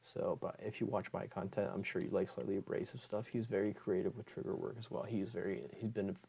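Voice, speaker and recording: Creaky, husky-voiced young man. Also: low voice, steady tone, a little fast, mellow. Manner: rambling, often corrects himself mid-list. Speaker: ASMR creator. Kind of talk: casual talk to camera.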